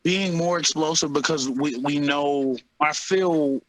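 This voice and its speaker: A man's voice: a little high, takes it slowly, dry recording, poor audio. A man in his thirties, a heavyweight fighter, chatting in an interview and telling stories with lots of laughs and acted-out quotes. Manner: animated storyteller, laughs often, acts out quotes. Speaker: UFC heavyweight fighter, guest. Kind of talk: casual interview chat.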